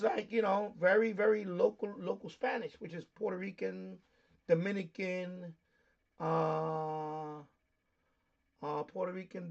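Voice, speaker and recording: Gravelly high-voiced New man. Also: darkish tone, dull audio. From New York, USA. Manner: rambling, explains things with many fillers. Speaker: shortwave radio live stream host. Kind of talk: casual live stream chat.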